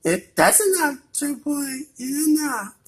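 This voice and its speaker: A performer voicing a teasing, bossy young princess in toy play-acting, with a very high squeaky voice and mocking sing-song taunts. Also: animated, unhurried, noisy background. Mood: taunting.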